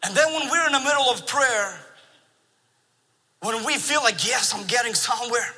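Bright-voiced man preaching in a hall. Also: extremely high pitch, normal speed, long pauses, a little hiss or hum. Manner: animated storytelling with laughs. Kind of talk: sermon. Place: large church sanctuary. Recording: long reverb of a large church hall.

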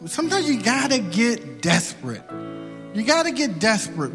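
A man's voice: very high-pitched, wildly swooping pitch, moderate pace, long reverb tail, music in the background. A man preaching and leading an altar-call prayer, building into impassioned, repetitive pleading. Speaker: pastor.

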